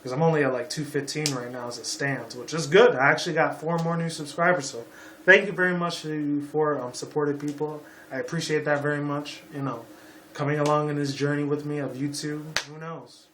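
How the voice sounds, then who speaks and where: Brisk and fairly bright, this man's voice sits fairly high with fairly even intonation as he delivers a rambling, profane opinion rant on his vlog, repeating "you know" constantly. He's a YouTuber in his twenties from Las Vegas, Nevada; the audio is reverberant with a little hiss or hum.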